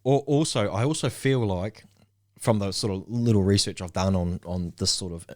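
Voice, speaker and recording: A man's voice: on the low side, moderate pace, no echo, clean studio sound. A man hosting a podcast, asking rambling questions and cracking jokes in an easygoing casual chat. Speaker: podcast host.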